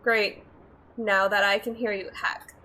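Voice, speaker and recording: Giggly slow-talking woman streamer. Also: medium pitch, level tone, bright, forceful tone, a little hiss or hum, poor audio. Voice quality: giggly, chatty. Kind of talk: live gameplay commentary.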